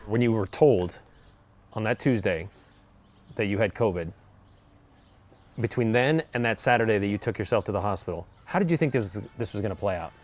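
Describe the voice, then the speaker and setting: A man working as a TV news reporter, presenting figures and asking interview questions in a measured, clear delivery. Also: on the low side, animated.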